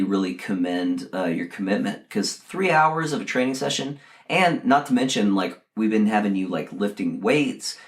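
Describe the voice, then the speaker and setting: Brief: a man from Texas with a very low voice, casual podcast chat, stammering and repeating himself. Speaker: podcast co-host and actor.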